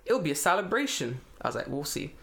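Speaking quickly in a slightly high, gravelly voice, a man living in Japan recounts a story while swearing freely. He gets animated, performing the voices of the people involved.

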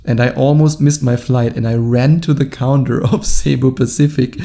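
A man's voice: medium pitch, fairly even intonation, normal speed, creaky, dark tone. A man with a German accent, a dating coach talking in a casual, rambling monologue and laughing between phrases.

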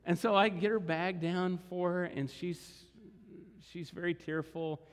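Man, pastor, sermon storytelling, fairly high voice, long reverb. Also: fairly even intonation, unhurried, smooth. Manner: conversational, vivid storytelling with asides to the congregation. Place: large church hall.

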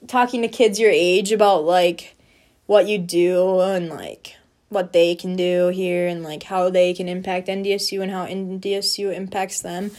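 A woman's voice: medium pitch, darkish tone. A young woman, a college student, chatting casually about her freshman year, bubbly and full of "like" and "um". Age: young adult. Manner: chatty and bubbly, heavy use of "like" and "um". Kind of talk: casual storytelling chat.

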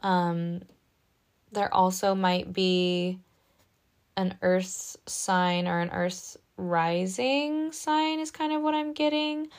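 A woman giving a casual spoken tarot reading in a gentle, reassuring, chatty way, often tagging her lines with "right?". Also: on the low side, takes it slowly. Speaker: tarot reader.

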